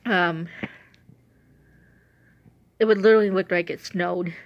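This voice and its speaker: A woman's voice: on the low side, steady tone, a little slow, dry recording, muffled recording. A woman telling rambling, laughing stories in casual chat, with a runny nose and a cough. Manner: chatty, meandering, laughs often. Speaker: vlogger telling stories about her late dog.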